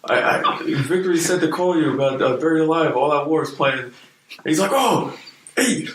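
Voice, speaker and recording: This guest is a hardcore musician with a fairly high voice who talks a little fast. Looking back on his music days in a casual interview, he's relaxed, swears a lot, and leans on fillers. Faint noise and a roomy echo surround him.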